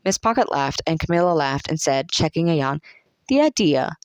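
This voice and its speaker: A narrator with a Southern US accent, reading a classic novel aloud in a measured, even storytelling manner. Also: mid-range voice, clear, resonant tone, no echo. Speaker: audiobook narrator.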